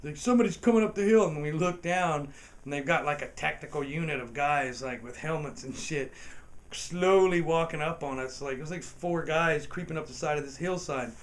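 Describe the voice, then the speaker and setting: A man's voice: fairly high pitch, normal speed, fairly bright tone. A man telling a true story in a casual comic anecdote, swearing freely, laughing between lines and putting on voices for the people in it.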